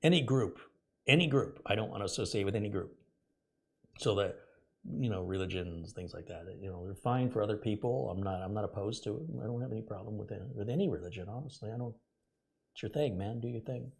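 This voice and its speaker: A man's voice: lowish voice, fast, creaky, breathy edge. A middle-aged man hosting a casual live stream, sarcastic and rambling, reading out viewer donations.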